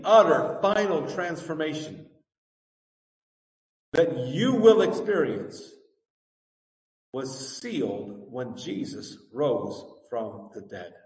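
A man's voice: on the high side, darkish tone. Male pastor preaching in an echoing hall. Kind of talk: sermon. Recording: echoey hall, distant mic.

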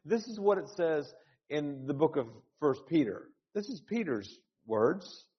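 This fairly high, very animated male voice belongs to a pastor preaching an earnest, urgent sermon at an unhurried pace. He often repeats words and lifts into cries, and the recording is dull with a long reverb from the hall.

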